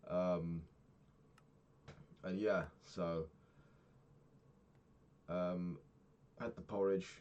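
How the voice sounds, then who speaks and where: A man's voice: low voice, fairly even intonation, very slow, darkish tone, muffled recording, slight background noise. A young man talking through his day in a candid, rambling diary vlog, swearing freely. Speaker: vlogger.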